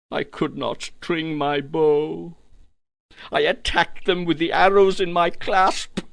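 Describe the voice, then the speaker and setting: A man's voice: high-pitched, vocal fry, no echo. A man giving a solemn, dramatic first-person narration of a spiritual text for an audiobook.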